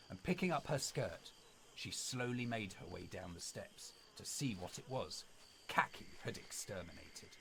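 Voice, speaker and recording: A man reading a spooky story aloud in a dramatic, expressive way. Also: lowish voice, a little hiss or hum.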